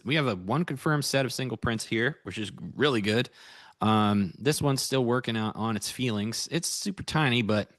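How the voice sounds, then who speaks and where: With a mid-range, fairly bright voice, an American man goes over his futures trades on a casual livestream, chatting with viewers in a relaxed, meandering way. The audio is studio quality and echo-free.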